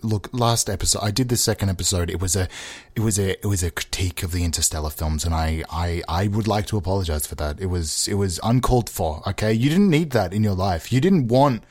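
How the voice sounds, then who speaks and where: A man's voice: lowish voice, expressive, brisk, a little mellow. A man hosting a podcast, delivering a rambling, self-mocking comedic monologue into a microphone with mock sincerity. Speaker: podcast host.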